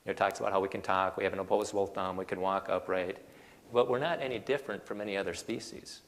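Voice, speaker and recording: Gravelly-voiced male speaker, animated and folksy, lots of rhetorical questions, long hall reverb. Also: low voice, fast. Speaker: creationist speaker. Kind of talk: presentation to an audience.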